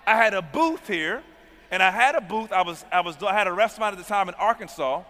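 High-voiced preaching man in a reverberant hall. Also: lively intonation, brisk, sharp tone. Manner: emphatic call-and-response preaching. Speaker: pastor. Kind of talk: sermon testimony.

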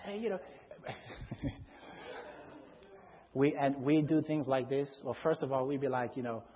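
A man preaching a testimony sermon to a congregation in a church. He tells his story as an animated storyteller who acts out voices and shouts for emphasis. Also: medium pitch, a little slow, big-room sound, lo-fi sound. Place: church before a live congregation.

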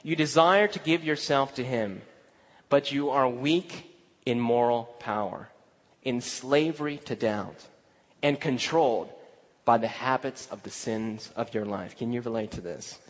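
A male pastor preaching a sermon, telling a personal story, dropping to hushed asides and rising to emphatic exclaims. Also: medium pitch, measured pace. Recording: long hall reverb.

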